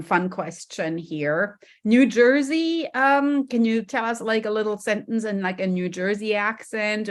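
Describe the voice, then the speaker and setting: A woman hosting a podcast interview, upbeat and encouraging, with frequent ums. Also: medium pitch. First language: German. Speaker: podcast host. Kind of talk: casual interview chat.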